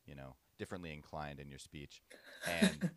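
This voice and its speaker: Young guy with a very deep, smooth voice, easygoing podcast co-host. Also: moderate pace, no echo. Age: young adult. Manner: relaxed, easygoing storyteller. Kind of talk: casual chat, storytelling.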